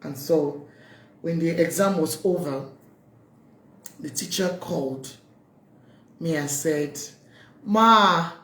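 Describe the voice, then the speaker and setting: A woman giving heartfelt, pleading advice to parents, telling personal stories with many pauses and ums. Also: deep voice, a little mellow, a little hiss or hum. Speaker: parenting speaker. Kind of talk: earnest advice talk to parents. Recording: roomy echo.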